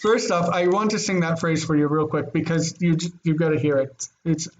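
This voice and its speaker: Guy teaching hebrew grammar online, gets all excited, slightly high voice, lo-fi call with faint hiss. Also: brisk. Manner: enthusiastic, excitable, thinks aloud. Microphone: video call.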